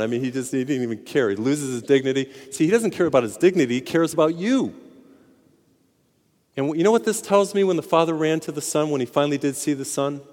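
Preaching man in a reverberant church. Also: medium pitch. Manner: animated preaching, slows for emphasis. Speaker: priest. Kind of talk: sermon with told jokes. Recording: long hall reverb.

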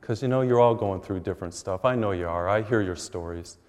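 A middle-aged man, a priest, preaching a sermon with animated storytelling. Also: lowish voice, brisk. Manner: animated storytelling with acted quotes. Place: large church. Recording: long church reverb.

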